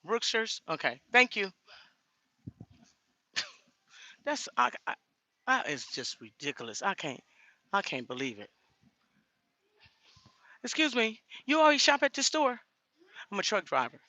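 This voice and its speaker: A woman's voice: medium pitch, big pitch swings, measured pace, long pauses, sharp tone, no echo. Blunt woman ranting to camera. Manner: indignant, blunt, addresses viewers as y'all. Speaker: vlogger. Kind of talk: casual vlog talk to viewers.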